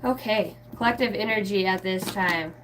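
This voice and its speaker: A woman's voice: medium pitch, moderate pace, noisy background. Rambling, chatty woman giving a spiritual reading. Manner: rambling, loose and chatty, with casual swearing; self-mocking aside, often trailing off mid-thought. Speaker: spiritual reader answering viewers live. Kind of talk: casual livestream oracle reading.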